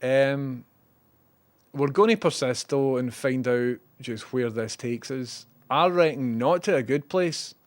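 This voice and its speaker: A man's voice: medium pitch, slow pace, no room sound. A man hosting a live stream, chatting wryly and reading viewer messages. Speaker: livestream host. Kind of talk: casual live commentary.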